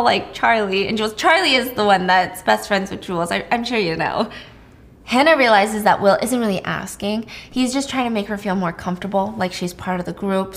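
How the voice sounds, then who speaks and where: A woman casually retelling a thriller's plot, animated and chatty, with frequent asides and the odd swear word. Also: medium pitch. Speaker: storyteller host. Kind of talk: casual storytime recap of a thriller.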